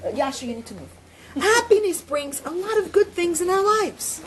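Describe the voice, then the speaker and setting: A woman giving a storytelling religious lesson to a group, animated and asking questions. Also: very high voice, normal speed. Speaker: religious teacher. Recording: noisy room recording.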